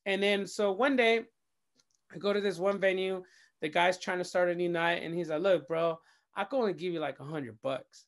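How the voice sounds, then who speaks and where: A man, a DJ and radio host, telling an animated story in casual chat, swearing freely and acting out quoted dialogue. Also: high voice, brisk. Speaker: DJ and radio host, interview guest.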